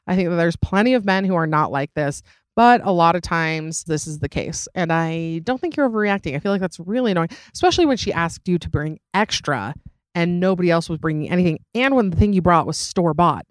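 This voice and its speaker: A woman's voice: lowish voice, lively intonation, brisk, no room sound, clean studio sound. Rambling, giggly woman podcast host. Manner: rambling, many fillers and self-corrections. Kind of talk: casual advice chat.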